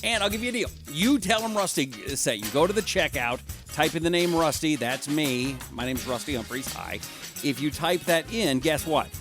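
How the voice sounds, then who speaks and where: Animated, joking male talk host. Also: on the high side, moderate pace, music in the background. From Washington State, USA. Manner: rambling, joking, reads viewer comments. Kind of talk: casual live-stream talk show.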